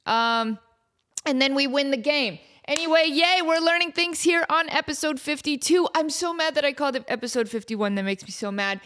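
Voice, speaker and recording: A woman in her thirties hosting a casual solo podcast, tired after just waking up, rambling and self-mocking and quick to laugh. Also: high voice, a bit bright. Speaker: podcast host.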